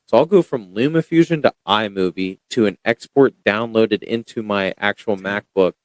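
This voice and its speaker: A young man talking loudly and excitedly in a casual podcast chat, full of slang. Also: on the low side, normal speed, no echo. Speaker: podcast guest.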